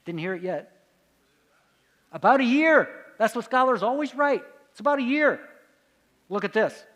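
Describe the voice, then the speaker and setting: A man delivers a lecture at a conference in a high, light voice. He keeps quizzing his listeners and then answers his own questions. His words echo with a long reverb through a large hall. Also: animated, normal speed, fairly bright tone. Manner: asks the audience quiz questions and answers them himself.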